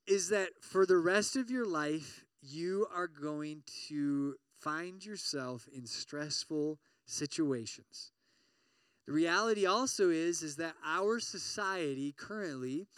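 A man delivering an animated sermon to college students, with a high, bright, clear voice. He questions the crowd directly and acts out their worried inner thoughts. The recording is dry and picked up from a little way off the mic. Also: no echo, far from the mic. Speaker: pastor.

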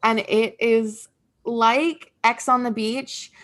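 A woman's voice: on the high side, steady tone, takes it slowly. A young woman co-hosting a podcast, chatting and gushing about pop culture with frequent laughs. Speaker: podcast co-host. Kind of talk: casual pop culture chat.

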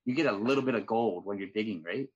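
A man's voice: lowish voice, quick pace, slightly rough, dull audio. A man talking in a casual podcast chat, rambling with many fillers and restarts. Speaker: departing guest.

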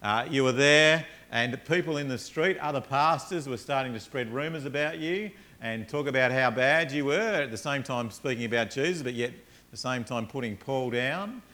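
A man preaching a sermon as a pastor, telling Bible stories in an animated way and acting out the characters. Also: mid-range voice, moderate pace. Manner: animated storytelling, acts out characters.

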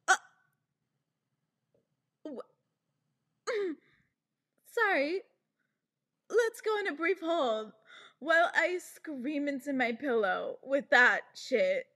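A woman's voice: high-pitched, a bit bright. A young woman hosting a podcast, ranting in a sarcastic, exasperated way and swearing often. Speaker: podcast host. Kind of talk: casual podcast rant.

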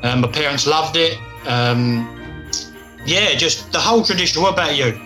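Laid-back middle-aged British male co-host, rambling, bright and slightly high voice. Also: moderate pace, faint music behind, poor audio. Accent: British English. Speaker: podcast co-host. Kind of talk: casual chat.

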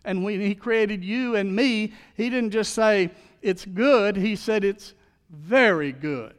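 A man's voice: high voice, fairly even intonation, slow, clear, resonant tone, long reverb tail. A man preaching a sermon as pastor, in a folksy, storytelling manner.

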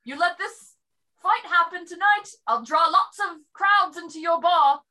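A woman's voice: extremely high pitch, unhurried, bright, forceful tone, full character voice. A woman voicing a cocky female cat-folk fighter who brags and picks fights. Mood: brash. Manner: boastful, brash.

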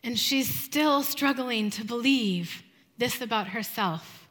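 Young female speaker, earnest and unhurried, high-pitched; devotional group talk. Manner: soft, slow, earnest, with reflective pauses.

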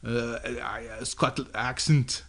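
A man co-hosting a podcast in casual chat, halting, with many fillers and restarts. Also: mid-range voice, flat delivery, fairly bright tone. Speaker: podcast co-host.

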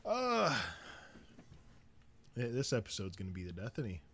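A man's voice: deep voice, rapid-fire, darkish tone, a little hiss or hum. A man recording an amateur audio drama, joking and laughing at his own mistakes between takes. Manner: self-mocking, laughing at his own flubs. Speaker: voice actor in a fan audio drama. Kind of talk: casual blooper chat between takes.

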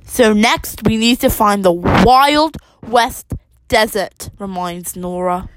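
A woman reading a children's storybook aloud, slowly and carefully, with small restarts. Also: medium pitch, dry recording, poor audio. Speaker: reader.

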